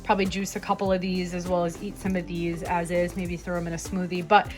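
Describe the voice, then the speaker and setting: This young woman, a chiropractor and vlogger from Minnesota, USA, talks in a lowish voice with little pitch movement while faint music plays behind her. In her home kitchen she unpacks groceries, chatting enthusiastically and drawing out her words.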